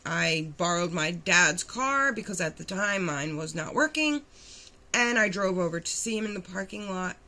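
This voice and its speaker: A young woman telling her own recovery story in a blunt, animated way, acting out quotes and swearing freely. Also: lowish voice, moderate pace. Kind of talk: candid storytelling.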